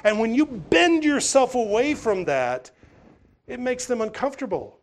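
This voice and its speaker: A pastor preaching a sermon, with emphatic, repeating phrases and frequent restarts. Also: male voice, very high voice, sing-song, measured pace. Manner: acts out voices of others when telling stories.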